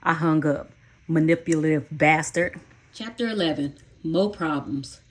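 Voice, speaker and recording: Female memoir narrator, lower-pitched, blunt and candid delivery. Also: measured pace. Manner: frank, blunt, swears freely. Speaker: audiobook narrator. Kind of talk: first-person memoir narration.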